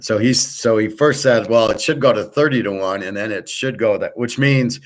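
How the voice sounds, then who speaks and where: A man's voice: fairly low pitch, moderate pace. A man hosting his show, giving blunt, profane, opinionated commentary in a rambling casual way. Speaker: host.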